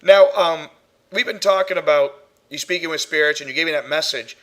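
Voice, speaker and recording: A man's voice: a little high, brisk, a bit bright. Chatty, laughing male podcast host. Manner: laughs often, chatty storyteller. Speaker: podcast host, paranormal investigator. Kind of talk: casual podcast chat.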